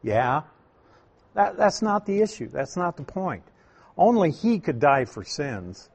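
Slow, emphatic male Bible teacher. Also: fairly high pitch, sing-song, a little mellow, slightly rough. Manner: emphatic, repeats key points, asks rhetorical questions; slow, deliberate delivery with stressed words.

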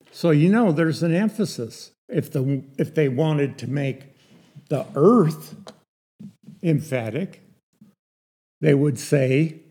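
A man's voice: fairly high pitch, mellow, slightly rough. A man teaching a Sunday morning Bible study, explaining patiently, repeating key points and asking rhetorical questions.

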